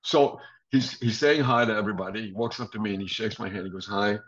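Animated older man telling stories. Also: on the low side, fast talker. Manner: animated storyteller, laughs often, acts out quoted voices. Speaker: drummer guest. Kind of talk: casual interview storytelling. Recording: dull lo-fi audio.

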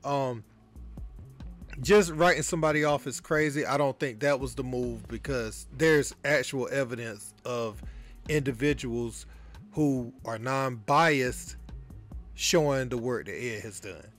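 A man hosting a casual commentary show, calmly explaining a clip to his viewers. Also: mid-range voice, measured pace, faint music behind. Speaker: commentary host.

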